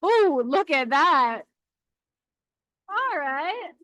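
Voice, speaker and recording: A woman's voice: high-pitched, sing-song, extremely slow, fairly bright tone, no room sound, lo-fi sound. A woman filming with a handheld camera in an indoor workshop, chatting playfully and correcting herself as she shows off cut stones by a rock saw. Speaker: lapidary shop co-host filming. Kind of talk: casual chat while demonstrating.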